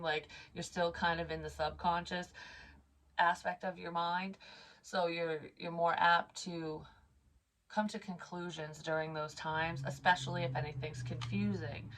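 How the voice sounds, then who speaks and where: A woman's voice: lowish voice, fairly bright tone. A woman in her thirties or forties doing a casual psychic card reading, thinking aloud and rambling with many fillers. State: tearful at times.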